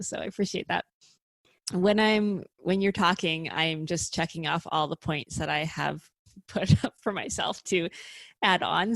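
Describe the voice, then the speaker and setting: A woman speaking as a podcast guest over a remote call, lively and chatty with frequent "like" asides. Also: lowish voice, no room sound. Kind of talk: casual conversational interview.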